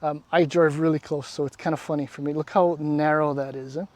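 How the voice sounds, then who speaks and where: A man's voice: fairly high pitch, steady tone, brisk, darkish tone, no room sound. A man, casually walking around and reviewing a car outdoors, rambling and wry, often trailing off. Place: outdoors beside a parked car.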